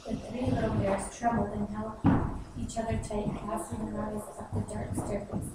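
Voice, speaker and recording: A woman reading a storybook aloud to children in an expressive, sing-song way. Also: mid-range voice, normal speed. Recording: echoey, far-off noisy room.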